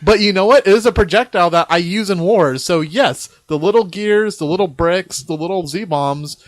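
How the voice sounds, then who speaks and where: A man's voice: high-pitched, normal speed, no echo. A man co-hosting a hobby podcast, easygoing and talking through his opinions in casual chat. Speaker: podcast co-host.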